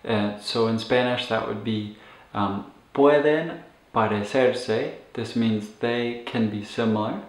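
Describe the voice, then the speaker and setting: A man teaching medical Spanish phrases in a relaxed, casual way, with many fillers and a laugh at his own tongue twister. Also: on the low side, slow. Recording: echoey room.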